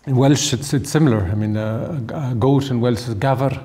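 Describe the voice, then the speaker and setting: A man giving an informal language talk, halting with many restarts and fillers, slowing down to spell out examples. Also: medium pitch, mellow. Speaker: language lecturer. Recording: long hall reverb.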